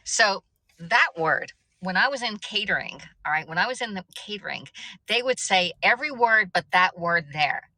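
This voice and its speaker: A woman's voice: mid-range voice, animated, moderate pace, sharp tone, no echo, poor audio. A middle-aged woman chatting casually on a live stream, laughing at herself and stumbling over words. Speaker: livestream host.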